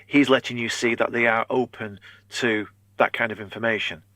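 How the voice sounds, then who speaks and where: A male podcast host asks questions and restates his guest's points to check he has them right. His voice is bright and forward, and the recording is dry with no room sound. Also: mid-range voice, fairly even intonation, normal speed, dry recording. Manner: summarizes and checks what the guest means. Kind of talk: interview questions.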